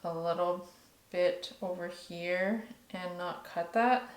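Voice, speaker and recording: A woman's voice: on the low side, fairly even intonation, takes it slowly, echoey room, noisy background. A young woman hosting a casual hair tutorial vlog, talking in a chatty, nervous way with lots of fillers. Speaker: beauty vlogger.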